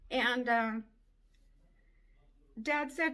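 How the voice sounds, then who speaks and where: A woman giving an emotional personal testimony, speaking in a halting, tearful way. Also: medium pitch, fairly even intonation, a bit bright. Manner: slow, halting, tearful storytelling.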